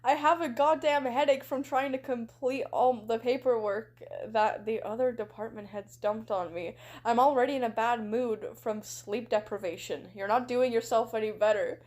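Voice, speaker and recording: A woman's voice: a little high, moderate pace, few pauses, a little mellow, natural voice. A woman reading the lines of a grumpy, sleep-deprived man who swears and snaps sarcastically on a phone call. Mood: irritated.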